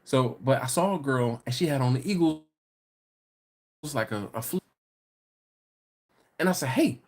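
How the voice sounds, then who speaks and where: A man hosting a relaxed live stream from his living room. He tells stories in an animated way and laughs often, with his voice at a middle pitch. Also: a little slow. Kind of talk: casual live-stream chat.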